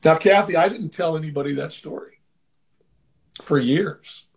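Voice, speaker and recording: At a moderate pace and in a slightly high voice, a former baseball manager shares a personal story as an interview guest. He speaks earnestly and conversationally, sometimes imitating the people he quotes.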